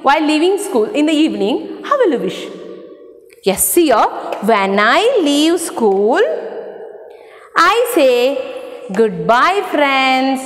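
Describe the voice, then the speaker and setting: Woman teacher, slow and sing-song, spelling words out for young pupils, echoey room with a long tail. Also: very high voice. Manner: spells words out letter by letter, asks and answers questions. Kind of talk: classroom lesson for young children.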